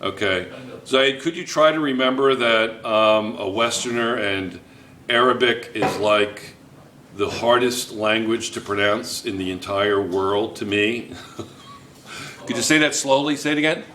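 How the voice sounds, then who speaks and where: A man's voice: fairly low pitch, unhurried, sharp tone, echoey room, a little hiss or hum. A man teaching a chemistry class, playful and joking, repeating phrases to his students. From United States.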